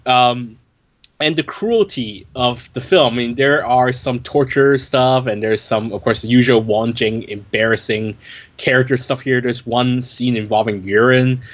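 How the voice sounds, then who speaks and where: A man's voice: mid-range voice, measured pace. A man reviewing a film in casual chat, wry and chatty with many fillers. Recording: dull lo-fi recording.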